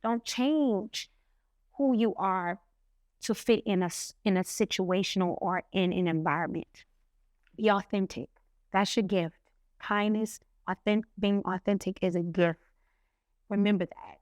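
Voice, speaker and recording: Slow, earnest woman podcast co-host. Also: medium pitch, darkish tone, no echo, clean studio sound. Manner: slow, earnest, reflective with pauses. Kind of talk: heartfelt podcast talk.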